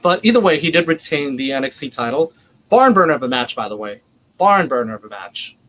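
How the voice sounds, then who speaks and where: Excitable man reacting to live wrestling. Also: medium pitch, a little fast. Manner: excitable, reacts loudly and swears; anxious, emotional live commentary. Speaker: watch-along co-host. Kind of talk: live wrestling watch-along chat.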